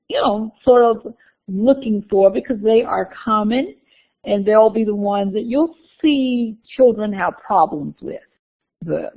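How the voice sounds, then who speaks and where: A university lecturer explains course material to her class in a classroom, often saying "uh" and making small restarts. Her voice is mid-range and creaky, and the recording sounds phone-like.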